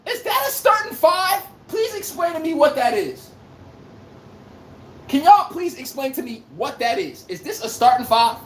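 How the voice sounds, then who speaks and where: A woman with a high voice runs a casual sports commentary livestream, ranting and trash-talking. Her pitch swings widely as she jumps between outrage and teasing. She is recorded in an echoey room with faint noise behind. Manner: reads out chat comments. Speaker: livestream host.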